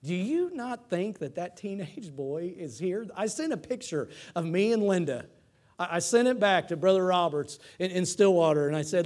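A Texan pastor delivers his sermon in a fairly high voice for a man. He swings between loud, ringing climaxes and quiet, hushed asides. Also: moderate pace. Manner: animated preaching with sudden loud climaxes and soft asides.

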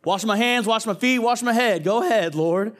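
A man's voice: high-pitched, normal speed, pitched above the performer's own voice. A man voicing the disciple Peter, eager and impulsive, pleading his case. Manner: pleading, excitable.

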